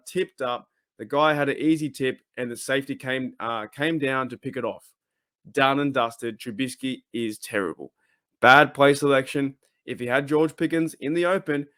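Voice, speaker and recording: A man's voice: medium pitch, a bit bright, dry recording, clean studio sound. A man hosting a fan channel and ranting about his team, frustrated and emphatic, often repeating his points. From Australia. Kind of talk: casual ranting commentary.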